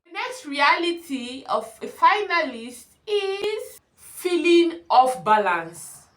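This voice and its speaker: A woman's voice: very high-pitched, very animated, takes it slowly, fairly bright tone. A young woman giving earnest, emphatic advice straight to her viewers in a casual vlog. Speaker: vlogger. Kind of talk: casual advice talk to camera. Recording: echoey room.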